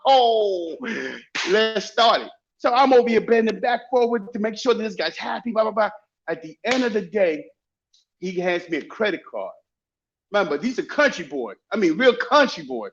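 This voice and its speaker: Animated man telling stories, lo-fi. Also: sits high, moderate pace, a little hiss or hum. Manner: animated, many repeats and restarts. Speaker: guest. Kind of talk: casual storytelling.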